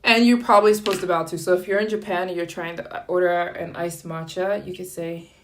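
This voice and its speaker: A woman hosting a casual live stream, chatting lightly and animatedly, jumping up in pitch for sample phrases. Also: fairly even intonation, a little fast, slight background noise. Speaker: livestream host.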